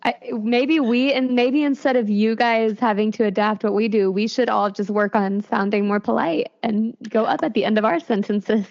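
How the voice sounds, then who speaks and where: A woman's voice: on the high side, normal speed, creaky, hardly any pauses, a little mellow, lo-fi sound. A woman hosting a podcast, playful and enthusiastic as she interviews a guest. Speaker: podcast host.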